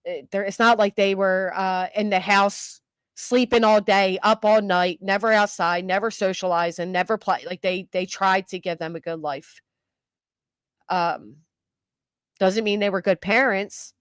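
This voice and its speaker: An older woman talks through a true crime case in a loose, chatty way, stumbling over fillers as she reacts to comments and clips. Her voice is recorded dry and close, with no room sound around it. Her pitch sits in a middle range. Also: fairly even intonation, a little slow, clean tone, dry recording. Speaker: true crime livestream host. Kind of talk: casual commentary, reading viewer comments.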